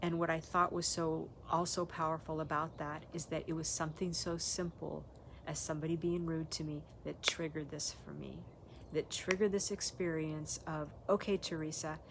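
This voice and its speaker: A woman's voice: low voice, flat delivery, moderate pace, vocal fry, background noise. An older woman, a spiritual teacher, telling a personal story and reflecting on it in a candid, earnest way.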